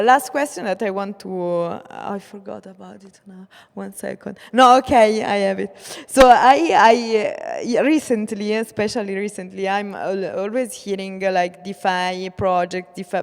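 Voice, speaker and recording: A woman moderating a conference panel, asking her questions hesitantly with many pauses and filler words. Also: medium pitch, creaky. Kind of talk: panel discussion. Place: conference stage. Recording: echoey conference hall.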